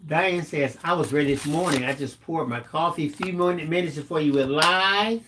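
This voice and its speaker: A man's voice: a little high, normal speed, noisy background. A man co-hosting a casual livestream, reading out viewer comments with dry joking asides.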